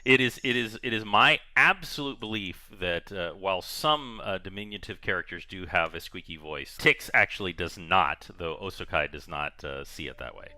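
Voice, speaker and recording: A man narrating as game master of a tabletop game, animated and rambling with many fillers. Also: low voice, normal speed, few pauses.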